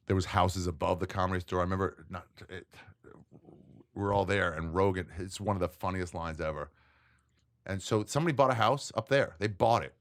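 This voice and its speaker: A man, a comedian guest, telling stories in casual chat, lively and laughing often as he acts out what others said. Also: sits low. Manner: animated storyteller, acts out quotes, laughs often. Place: tent.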